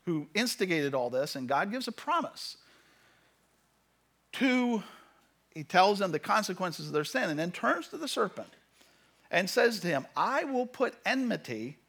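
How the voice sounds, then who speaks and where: A man preaching a sermon as pastor, reading scripture and talking to his congregation with animated, shifting emphasis. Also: sits high, unhurried, long pauses.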